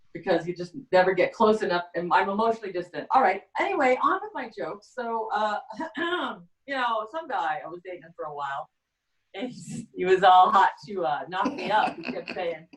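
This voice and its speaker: A woman doing a stand-up comedy set with a rambling, halting deadpan delivery, often trailing off and restarting. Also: medium pitch. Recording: echoey room, far from the mic.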